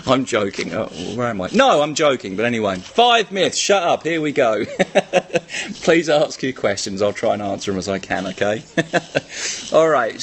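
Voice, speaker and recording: Animated husky Australian man. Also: medium pitch. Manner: chatty, animated, frequent "all right?" tags. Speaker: personal trainer. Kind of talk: casual live-stream chat.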